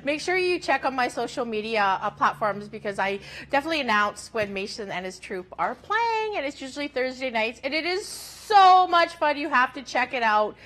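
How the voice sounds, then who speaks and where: Middle-aged woman host, bubbly and chatty, bright tone. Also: high voice, sing-song, normal speed, hardly any pauses. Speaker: talk show host. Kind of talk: upbeat talk show hosting.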